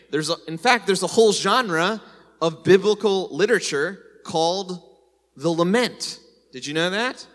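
Guy giving a casual sermon, keeps saying right?, lots of hall echo, takes his time. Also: on the high side. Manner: conversational, often asks "right?"; animated, rising on key points. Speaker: congregation teacher.

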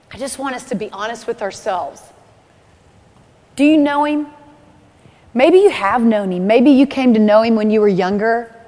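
A woman's voice: fairly high pitch, a little mellow. A woman delivering an earnest sermon at a church service, repeating key phrases and building to emphatic peaks. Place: church hall. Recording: long hall reverb.

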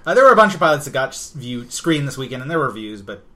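A man's voice: medium pitch, very animated, racing, pushed and bright, slight background noise. A man co-hosting a podcast, running through news items in casual chat with laughs and fillers. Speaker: podcast co-host.

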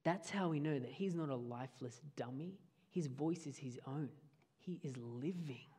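A man preaching a sermon, earnest, often dropping his voice low for emphasis. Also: normal speed, dark tone, breathy edge.

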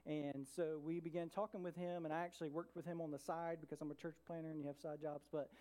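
A man's voice: fairly high pitch, little pitch movement, fast talker, warm tone. A man from Georgia preaching a sermon, telling a personal story in a casual, conversational way and checking in with his listeners. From Atlanta, Georgia, US. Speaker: pastor.

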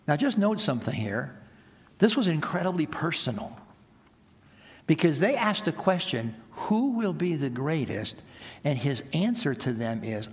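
Man, pastor, conversational sermon, storytelling, slightly high voice, echoey hall. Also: very animated, moderate pace.

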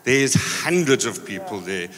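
Guy telling a funny trip story at church, bright punchy voice, echoey hall. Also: on the low side, measured pace, soft background music. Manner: animated, laughing storyteller. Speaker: church member reporting on a mission trip. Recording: reverberant hall.

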